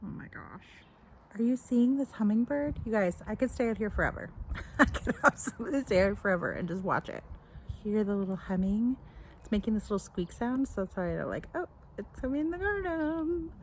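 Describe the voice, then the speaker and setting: Woman, around forty, gushing and excitable, garden vlog, faint background noise. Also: mid-range voice, brisk, rough recording. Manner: excitable and gushing, drops to hushed whispers. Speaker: gardening vlogger. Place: outdoors in a home garden.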